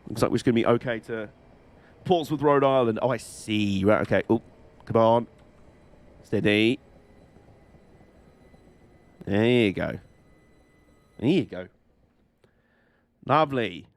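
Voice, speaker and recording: A man's voice: fairly low pitch, measured pace, long pauses. Chatty man streaming a game. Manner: chatty, dry, sweary banter. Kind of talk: casual live-stream chat while gaming.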